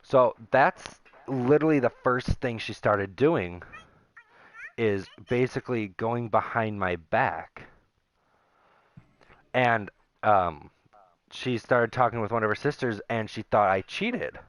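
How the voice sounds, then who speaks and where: A young gaming YouTuber with a mid-range voice vents casually to camera, speaking slowly and pausing often in a dry recording. He rambles, sounding aggrieved, while reading out old messages.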